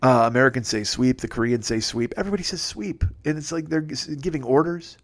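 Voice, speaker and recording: A man's voice: mid-range voice, fast. A man in his forties hosting a solo comedy podcast, rambling and profane, often laughing at his own jokes. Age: 40s. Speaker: comedian host.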